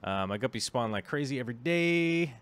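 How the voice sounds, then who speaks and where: A man's voice: medium pitch, expressive, fairly quick, a bit bright, smooth. A man vlogging casually about his hobby, rambling with many filler ums and chatty asides to the viewer. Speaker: aquarium vlogger. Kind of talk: casual vlog chat.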